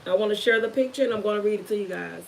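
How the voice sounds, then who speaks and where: A woman's voice: mid-range voice, creaky, a little hiss or hum, low-quality recording. Nervous, earnest woman live-streaming. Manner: halting and earnest, with many restarts. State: nervous, holding back tears. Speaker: YouTuber. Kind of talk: emotional live-stream talk.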